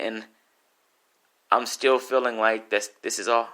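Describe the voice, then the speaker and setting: A man's voice: fairly low pitch, fairly even intonation, normal speed, pushed and bright, slight background noise. A man performing an emotional spoken-word story, intense and pleading.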